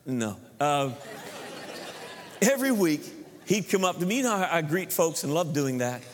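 Pastor, male, fairly high voice, lively storytelling sermon, long church-hall reverb. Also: normal speed, some chatter behind, slight background noise. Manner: animated storytelling, acts out the people he quotes. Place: church sanctuary.

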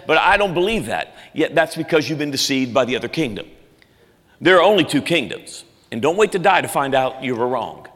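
A man preaching a sermon, swinging between loud emphatic lines and quiet low ones. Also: big-room sound. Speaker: pastor.

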